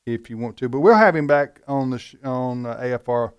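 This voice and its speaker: A man's voice: mid-range voice, brisk, clean tone. Chatty radio host man. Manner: relaxed, chatty, frequent fillers and restarts. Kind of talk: casual radio fundraiser chat.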